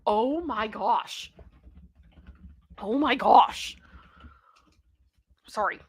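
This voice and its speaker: A woman's voice: on the high side, extremely slow, husky. A woman casually reading stories aloud and reacting to them with outbursts of disbelief. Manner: animated, reads quotes aloud with outbursts of disbelief and laughter. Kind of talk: casual commentary.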